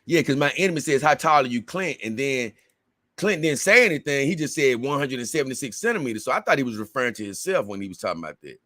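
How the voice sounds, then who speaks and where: A man's voice: mid-range voice, expressive, fast talker, sharp tone, no echo, studio quality. A man hosting a casual livestream, reading viewer comments aloud and rambling to his audience in a slangy, talkative way.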